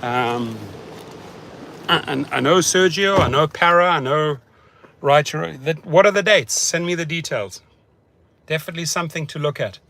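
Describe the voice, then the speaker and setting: A man's voice: a little high, normal speed, gravelly, fairly bright tone. Chatty man livestreaming from his car. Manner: chatty, repeats words and restarts often. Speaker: rideshare driver host answering live chat. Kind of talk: casual livestream chat. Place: parked car.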